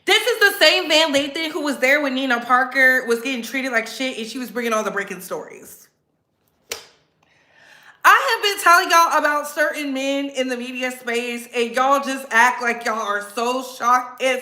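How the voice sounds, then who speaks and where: A woman hosting her own commentary channel, talking straight to her viewers in a sassy, animated way. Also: sits high, normal speed, roomy sound. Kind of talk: casual commentary.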